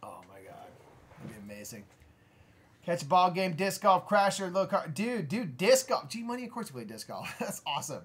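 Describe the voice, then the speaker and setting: A young man co-hosting a live game stream, excitable and playful, laughing often as he chats. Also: sits high, fairly quick, hardly any pauses, breathy edge. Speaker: streamer co-host. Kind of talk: casual chat on a live stream.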